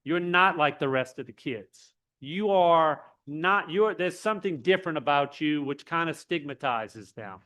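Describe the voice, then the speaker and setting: A man giving earnest public testimony at a hearing, halting and full of restarts. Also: on the high side, lively intonation, sharp tone. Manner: earnest, halting, with many restarts, turns emotional. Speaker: public commenter, state legislator.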